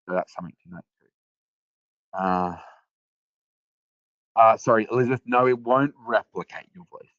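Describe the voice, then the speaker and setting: A man presenting a live software demo on a webinar, talking casually with lots of fillers and restarts. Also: lowish voice, dry recording, muffled recording.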